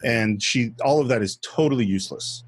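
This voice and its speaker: A man's voice: mid-range voice, brisk, breathy edge, dry recording. A man co-hosting a film podcast, talking through movie scenes and behind-the-scenes trivia in a casual chat.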